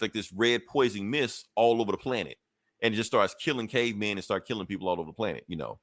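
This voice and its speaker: A podcast host with a deep but fairly bright voice recaps a comic book in loose, casual talk, swearing freely, correcting himself, and letting the story ramble. The recording is dry and close, with no room around it.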